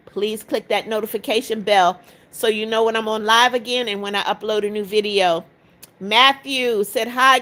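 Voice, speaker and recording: A woman's voice: fairly high pitch, sharp tone. A woman in her seventies hosting a live stream, reading out viewers' comments and greeting them one by one in a motherly way. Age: 70s. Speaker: livestream host.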